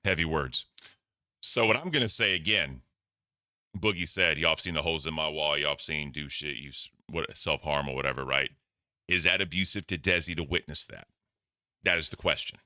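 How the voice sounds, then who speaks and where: A man hosts a casual stream with a very deep but bright and clear voice. He rambles bluntly and swears freely as he reacts to clips. The sound is dry and close. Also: normal speed, dry recording. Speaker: host.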